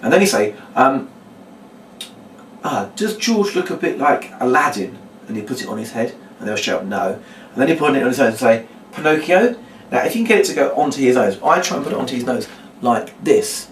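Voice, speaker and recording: A man, a children's magician, demonstrating a trick step by step and acting out his patter with a brighter voice. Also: animated, quick pace, slight background noise. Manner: explains step by step, then acts out his patter in a bright, higher voice. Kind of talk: demonstration lesson. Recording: echoey room, mic at a distance.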